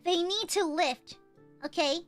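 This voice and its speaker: A woman's voice: extremely high pitch, unhurried, a bit bright, soft background music. A woman streamer chatting casually while gaming, playful and boastful, swearing freely and laughing often.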